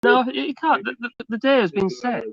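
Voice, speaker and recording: A man's voice: very high-pitched, moderate pace, a crowd in the background. A man co-hosting a live stream, easygoing and self-mocking in casual banter. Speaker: livestream co-host. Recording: slightly dull lo-fi stream audio.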